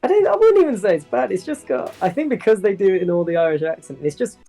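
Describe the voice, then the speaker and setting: Man, co-host friend, mellow tone, animated pitch, relaxed and reassuring. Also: fast, vocal fry, soft background music. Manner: easygoing, reassuring, lively. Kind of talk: casual chat.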